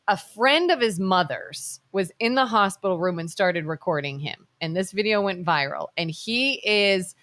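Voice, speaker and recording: Animated woman telling a story on a studio show. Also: lowish voice, no echo. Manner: animated storytelling, acts out quotes. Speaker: co-host. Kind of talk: casual talk show discussion.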